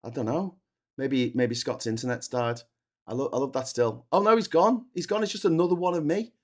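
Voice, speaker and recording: A man's voice: mid-range voice, fairly quick. A man hosting a live-streamed chat show, swearing, ranting and joking over a video call. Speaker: host.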